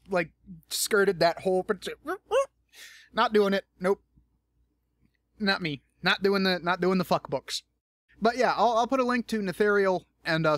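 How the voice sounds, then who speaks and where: A man's voice: on the high side, fairly bright tone, dry recording. A young man hosting a casual solo podcast, rambling and swearing a lot, with frequent fillers and restarts. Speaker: podcast host and audiobook narrator.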